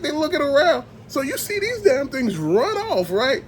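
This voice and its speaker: A man tells a creepy story in loose, profane everyday talk and puts on little voices and sounds as he goes. His voice sits high for a man and leaps all over the place. A faint background hiss stays under his voice. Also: very animated, normal speed, hardly any pauses. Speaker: storyteller host. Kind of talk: casual spoken storytelling.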